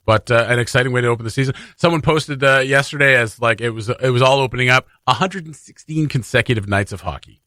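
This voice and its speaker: A man's voice: medium pitch, fast talker, pushed and bright, no echo, studio quality. A man co-hosting a radio show, chatting casually about hockey, chatty with lots of fillers and laughs. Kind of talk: casual sports chat.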